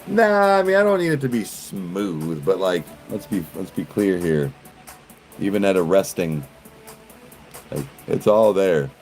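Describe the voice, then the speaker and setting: A man with a very deep voice talks casually to the camera and to his dogs. His delivery swings lively up and down. Faint music plays underneath. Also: measured pace, poor audio. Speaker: vlogger. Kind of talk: casual vlog chat.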